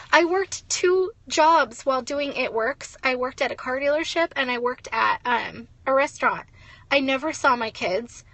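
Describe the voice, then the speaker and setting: A woman's voice: high voice, pushed and bright, dry recording. A young woman giving a blunt, ranting motivational talk as a network marketing leader, swearing and saying "like" a lot.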